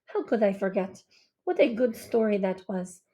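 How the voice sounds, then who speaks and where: A woman's voice: medium pitch, normal speed, lightly acted. A woman voicing a polite, earnest young Bengali boy with a light Indian accent. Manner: polite, earnest, soft-spoken.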